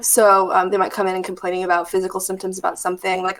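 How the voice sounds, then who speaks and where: Gravelly-voiced woman therapist, thoughtful. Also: mid-range voice, completely flat delivery, fast, few pauses, a bit bright. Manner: thoughtful, storytelling with many fillers. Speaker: therapist guest. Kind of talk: casual podcast conversation.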